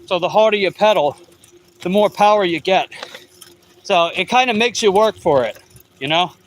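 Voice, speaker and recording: A middle-aged Long Island New Yorker who vlogs as a delivery rider talks casually while riding an e-bike on the road, reading viewer comments aloud and restarting his rambling thoughts. His voice is high-pitched with lively intonation at a normal speed, and there is slight background noise.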